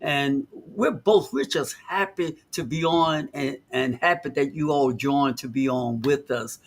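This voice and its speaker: A man's voice: medium pitch, measured pace. A man co-hosting a live discussion show, stressing his words with emphasis. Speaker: co-host of a live talk show.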